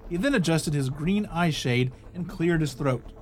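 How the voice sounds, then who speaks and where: A man's voice: a little high, expressive, measured pace, darkish tone. A man hosting a podcast, reading an article aloud and breaking in with casual asides and small restarts. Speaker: podcast host.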